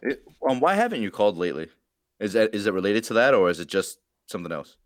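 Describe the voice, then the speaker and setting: Fast, deep-voiced man asking questions. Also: sing-song, dry recording, clean studio sound. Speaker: podcast co-host. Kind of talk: casual podcast interview.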